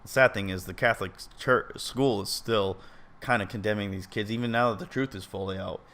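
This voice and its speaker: A man's voice: on the low side, a little fast, a bit bright. A man giving casual commentary as he reads an article aloud, earnest and opinionated, rambling and often stumbling and correcting himself. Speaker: video commentator.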